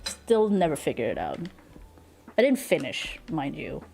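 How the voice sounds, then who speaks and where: A woman streamer chatting casually at her home desk into a desk microphone, excitable, gushing thanks, laughing and swearing. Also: low-pitched, measured pace. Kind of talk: casual live-stream chat.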